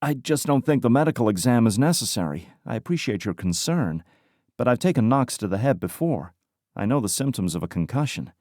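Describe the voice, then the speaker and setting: A man's voice: medium pitch, animated, brisk, a little mellow, no room sound, studio quality, pitched above the performer's own voice, natural voice. A man voicing an injured young man who jokes his way through it, in an audiobook. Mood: wry.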